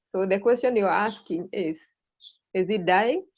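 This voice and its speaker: A woman's voice: medium pitch, measured pace, darkish tone. A woman teacher leading an online English lesson, prompting students and repeating their answers back. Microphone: video call. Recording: muffled video call audio.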